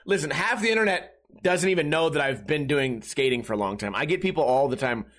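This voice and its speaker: A man in his thirties with a rather high-pitched voice delivers a rambling podcast monologue. He is sarcastic and profane, with many restarts. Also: lively intonation, brisk, a bit bright. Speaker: podcast host. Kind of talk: casual ranting monologue.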